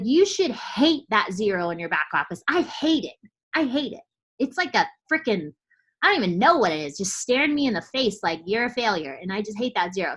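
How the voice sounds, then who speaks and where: A woman's voice: medium pitch, pushed and bright, poor audio. A woman coach giving a motivational team training talk, fired up and blunt, casual with swearing and lots of "like" fillers.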